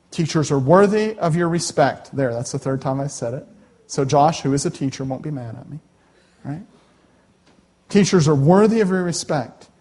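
A middle-aged man preaching a conversational sermon in a church sanctuary, folksy and animated, with joking asides to the congregation. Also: high voice. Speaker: pastor.

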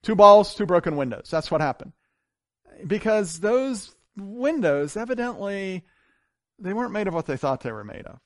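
A man preaching a sermon as pastor, telling stories with big swings from loud to hushed. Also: sits high, normal speed, no echo, clean studio sound. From grew up on a farm. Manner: animated storytelling with wide swings in loudness.

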